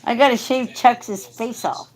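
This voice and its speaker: A woman's voice: a little high, unhurried. A woman hosting a casual live stream, coaxing and doting as she talks to a man beside her.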